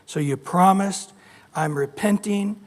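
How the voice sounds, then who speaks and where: A man's voice: sits high, slow pace, big-room sound. A man preaching a sermon as pastor, telling stories animatedly and acting out the voices he quotes. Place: church sanctuary.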